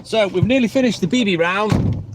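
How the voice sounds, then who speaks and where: A man in his late thirties live streams casually, greeting viewers and bluntly cursing out a heckler; he swears heavily and trash-talks his audience. His voice is high, his pace moderate, and the background noisy.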